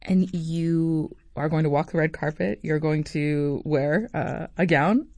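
Gravelly-voiced news interviewer. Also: medium pitch, slow, darkish tone, dry recording. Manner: probing questions with small restarts.

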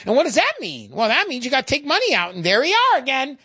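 A woman giving a chatty, sarcastic sales pitch with plenty of emphasis. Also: huge pitch swings, quick pace, hardly any pauses, a bit bright, slightly rough, no room sound, clean studio sound. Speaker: sales spokesperson.

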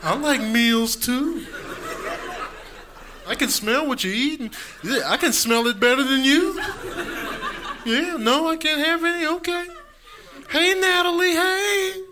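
A man's voice: very high voice, slow pace, long pauses, pitched above the performer's own voice. A man voicing a hungry pet dog that pleads for food in a pleading singsong. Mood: begging. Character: hungry, begging pet dog, pitiful and wheedling. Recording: noisy live club.

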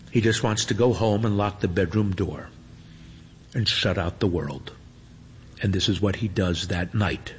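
A male storyteller who reads slowly, in an unhurried way, with a dry, wry tone. His pitch rises and falls with plenty of life. The voice sits in a long reverb with a faint hum behind it. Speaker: narrator. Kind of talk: storytelling narration.

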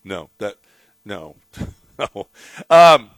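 A man hosting a sports radio show, chatting in an animated, excitable way and reading ads live. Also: fairly low pitch, drawn-out words, clean tone, no room sound. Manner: animated, excitable, repeats words when riled up. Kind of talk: casual sports talk and live ad read.

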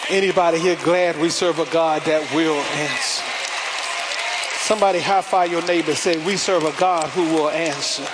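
A man preaching a sermon as pastor, calling out to the congregation and rising to shouts. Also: fairly high pitch, steady tone, moderate pace, a loud crowd, very noisy.

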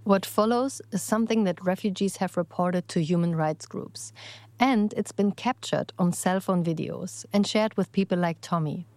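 A woman reporter narrating an investigative news piece in a measured, even delivery. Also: on the low side.

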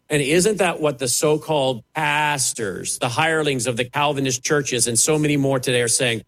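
A man's voice: on the high side, moderate pace, hardly any pauses, fairly bright tone. A man preaching a sermon as a television preacher, emphatic and dramatic, swinging sharply up and down as he drives his points.

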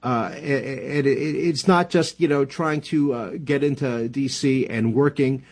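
In a radio interview, a political commentator from New Jersey speaks in a steady mid-range voice with a breathy edge. He talks casually but haltingly, often using fillers and starting over.

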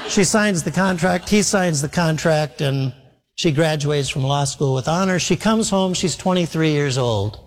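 A man's voice: fairly high pitch, a little slow, slight background noise. A man preaching a sermon in an earnest, exhorting way. He tells stories and acts out the dialogue in them. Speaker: pastor. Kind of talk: sermon with storytelling. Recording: long reverb of a large hall.

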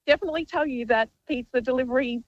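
A woman's voice: high voice, fast talker, dry recording, muffled recording. A woman calling a radio show, telling a cheeky story with giggles. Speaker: caller.

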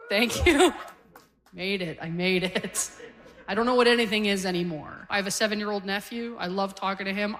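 A woman's voice: mid-range voice, fairly bright tone. A Canadian woman in her forties doing a stand-up comedy set on stage, telling self-deprecating jokes in a conversational way. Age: 40s. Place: comedy stage with a live audience.

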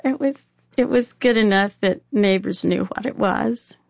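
Slow, gravelly older Southern woman. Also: mid-range voice, a little mellow, no room sound, studio quality. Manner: plainspoken, wry, laughs a little. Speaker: interviewee. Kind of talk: personal storytelling.

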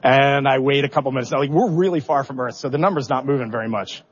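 Animated man telling a story in a hall. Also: medium pitch, fast talker, a little hiss or hum. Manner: animated, self-deprecating, builds suspense. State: emotional, holding back tears. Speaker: mission commander. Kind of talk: press conference storytelling. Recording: dull recording in a reverberant hall.

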